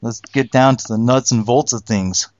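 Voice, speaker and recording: A man hosting a laid-back podcast, ribbing his co-hosts as he leads the talk. His voice sits at a middle pitch. The recording is dry and a bit dull. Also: moderate pace, a little mellow, dry recording. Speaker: podcast host. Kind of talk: casual chat.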